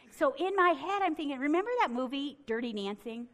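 A middle-aged woman from Michigan preaching a sermon, telling a story in an animated way and acting out what people said. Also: sits high, fairly quick, hardly any pauses, a faint crowd. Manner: animated, acts out quotes with swings in loudness.

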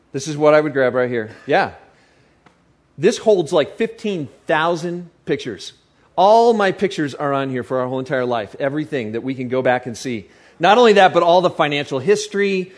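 A man preaching a sermon to a live audience in a chatty, joking way, often asking the crowd questions. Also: fairly high pitch.

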